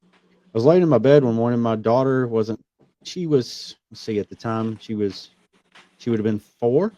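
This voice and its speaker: A man hosting a casual conversation, telling a personal story in an earnest way that grows animated as he retells events. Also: mid-range voice, normal speed, dry recording. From Missouri. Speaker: podcast host. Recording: slightly dull, lo-fi audio.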